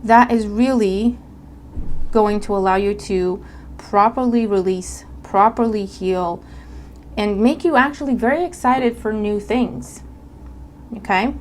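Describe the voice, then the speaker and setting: Woman, tarot reader, chatty, checks in with listeners, mid-pitched voice. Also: a little slow, a little mellow, a little hiss or hum. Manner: conversational, checks in with listeners often. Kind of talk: casual tarot reading.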